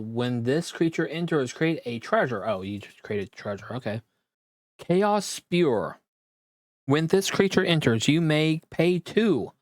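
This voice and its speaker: Man at home opening cards, unhurried halting reading, reacts as he goes, dead dry room. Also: medium pitch, darkish tone, no room sound. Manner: reads card text aloud haltingly, with quick reactions. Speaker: card opening creator. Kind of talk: casual card-pack opening commentary.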